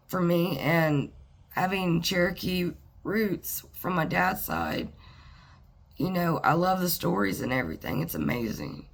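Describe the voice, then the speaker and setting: A woman talking to the camera in a personal, reflective monologue, halting and earnest, with pauses and sighs. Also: low voice, vocal fry. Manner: earnest and plainspoken. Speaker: vlogger.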